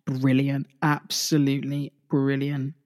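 A young woman with a low voice hosts a casual solo podcast. She talks in a loose, chatty way, doubling back over her words and swearing freely as she goes. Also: monotone, measured pace, a little mellow. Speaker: podcast host.

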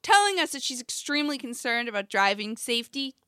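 A woman's voice: on the high side, big pitch swings, fairly quick, sharp tone, smooth, no room sound, studio quality. A woman co-hosting a talk show, making wry remarks. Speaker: co-host. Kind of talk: casual commentary.

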